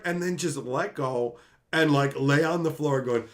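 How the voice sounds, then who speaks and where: A man's voice: fairly high pitch, measured pace. A man casually ranting on a livestream, reading chat aloud, laughing and swearing as he gets worked up.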